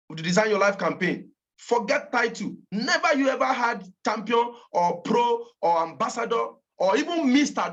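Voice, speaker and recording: A woman with a Nigerian accent giving a motivational training talk to campaign callers, emphatic and repeating her points for stress. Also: fairly high pitch. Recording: dull lo-fi recording.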